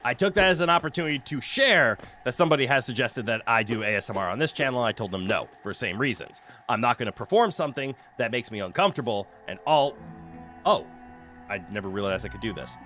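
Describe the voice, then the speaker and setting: A man's voice: medium pitch, animated, fast talker, pushed and bright, soft background music. A man streaming a video game in casual commentary, joking, swearing freely and laughing often, into a desk mic with a noise canceller.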